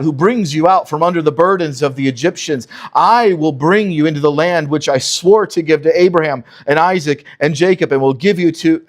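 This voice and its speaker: Animated male preacher teaching scripture. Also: on the high side. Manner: animated teaching, urges listeners to read verses critically. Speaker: pastor. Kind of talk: expository sermon.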